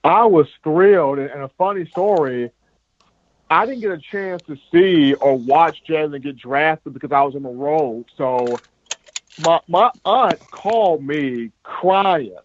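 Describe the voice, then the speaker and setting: Animated storytelling sports podcast man. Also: a little high, measured pace. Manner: animated storyteller, repeats words. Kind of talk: casual sports talk. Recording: muffled lo-fi dry sound.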